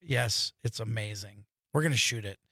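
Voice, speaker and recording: A man hosting a casual radio show, telling animated, joking stories from a studio. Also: on the low side, gravelly, husky, no room sound. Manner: animated, joking, quick storytelling. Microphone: studio microphone.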